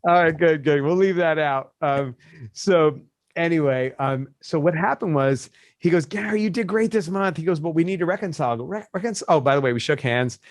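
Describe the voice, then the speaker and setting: A man's voice: fairly high pitch, fairly quick, no echo. A man who coaches businesses, telling a story in casual podcast talk and acting out the people he quotes. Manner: animated storyteller, acts out quoted voices.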